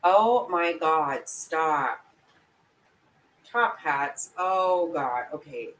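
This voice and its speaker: Low-pitched and expressive with drawn-out words and a fairly bright tone, a woman true crime commentator rants over a rough recording. Her livestream commentary is angry, profane, and emphatic; she talks directly to viewers and apologizes for her outbursts.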